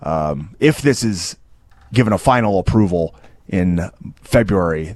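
Lower-voiced man giving casual news. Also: lively intonation, measured pace, a little mellow. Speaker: podcast host and combat sports reporter.

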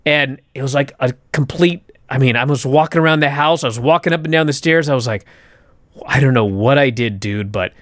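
A young adult man, co-host of a podcast, telling a story in casual chat, animated and swearing as he acts out his own thoughts. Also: mid-range voice, fairly quick, no echo, studio quality.

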